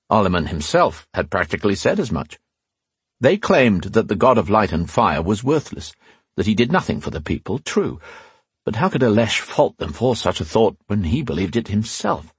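In a dry recording, a man with a husky voice reads a fantasy novel aloud as an audiobook. He voices each character's lines with subtle pitch shifts.

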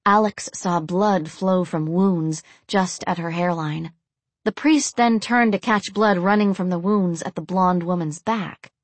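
A woman narrates a dark story steadily and evenly, her voice fairly low and a little slow. The recording is dry and close, with no room sound or echo.

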